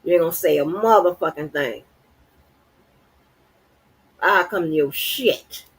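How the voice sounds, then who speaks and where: Husky woman ranting furiously. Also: on the low side, measured pace, low-quality recording. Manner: profane, heated, confrontational. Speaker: livestream host. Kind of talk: angry unscripted rant.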